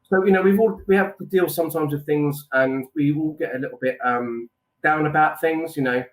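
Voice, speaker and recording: Chatty bloke, rambling. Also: male voice, on the high side, fairly quick. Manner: rambling, chatty, slips into impressions. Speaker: guest impressionist. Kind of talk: casual chat.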